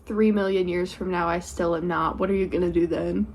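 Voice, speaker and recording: A woman's voice: on the low side, steady tone, a little fast, a little mellow, a little hiss or hum. A woman in her twenties co-hosting a podcast, talking casually in a rambling, giggly way with lots of fillers. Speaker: podcast co-host. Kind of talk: casual chat.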